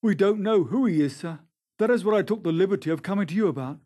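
A man's voice: sits high, fast, dark tone, pitched above the performer's own voice, lightly acted. A man doing a deferential rustic gamekeeper. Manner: respectful, plain and rustic. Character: deferential older male gamekeeper, plain-spoken.

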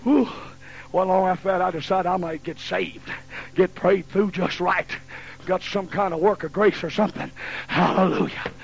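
A man in his fifties preaching a sermon in a folksy storytelling way that builds to shouting, on a dull lo-fi recording. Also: sits high, steady tone, moderate pace, gravelly. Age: 50s. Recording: dull lo-fi recording with faint hiss.

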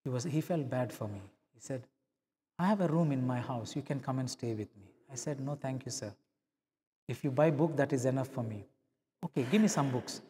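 A male pastor telling a personal story in a sermon, acting out the dialogue with lively shifts of voice. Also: mid-range voice, fairly quick, in a large hall.

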